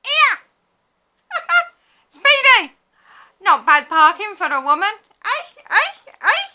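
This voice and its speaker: A loud, jeering man yells teasing taunts from across the road, as a woman mimics him. The voice jumps high and rings bright, full of mocking swagger. It swoops all over as he shouts. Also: very animated, takes it slowly, heavily acted. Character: loud jeering middle-aged man heckling.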